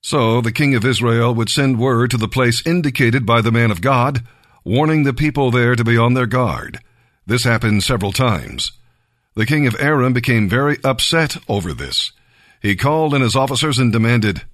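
A man reading scripture aloud in a slow, deliberate, measured way. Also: medium pitch, a bit bright, no room sound, studio quality. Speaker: Bible reader.

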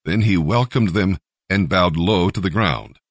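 A man narrating a scripture story with expressive storytelling. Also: deep voice, a little slow, dry recording, studio quality. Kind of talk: scripture reading.

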